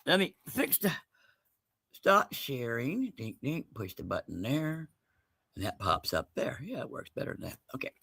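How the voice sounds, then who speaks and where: A man's voice: mid-range voice, wildly swooping pitch, moderate pace, creaky, pushed and bright, husky. A man hosting a casual livestream giveaway, joking loosely, laughing often and calling out to viewers by name. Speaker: livestream host running a giveaway.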